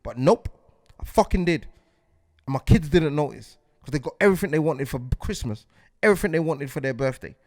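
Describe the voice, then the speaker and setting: A man's voice: on the high side, lively intonation, a little fast, dry recording. A man, delivering a heated podcast monologue as host, repeating himself and asking if you get what he's saying.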